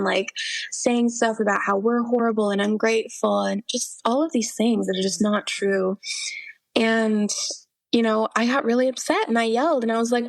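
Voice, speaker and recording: A young woman with a fairly high voice appears as a podcast guest, earnestly sharing her personal faith testimony. She quotes herself and laughs through hard memories, and there's no room sound.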